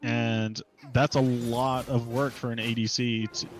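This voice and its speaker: A man's voice: medium pitch, flat delivery, unhurried, soft background music, low-quality recording. A man giving color commentary on an esports match, breaking down plays in a loose, conversational way. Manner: conversational analysis with light laughs and filler. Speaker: esports caster.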